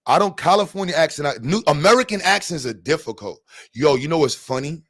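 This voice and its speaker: A man's voice: on the high side, expressive, a little fast, fairly bright tone, no echo, clean studio sound. A man from New York streaming live and chatting casually, joking, cursing and laughing often.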